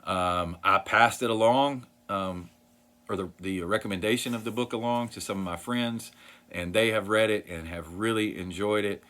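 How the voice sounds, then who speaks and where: A man's voice: on the low side, normal speed, fairly bright tone. A man, earnestly talking to camera about a faith book he loved, with plenty of fillers and restarts. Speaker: Christian vlogger sharing book recommendations. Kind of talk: casual talk to camera.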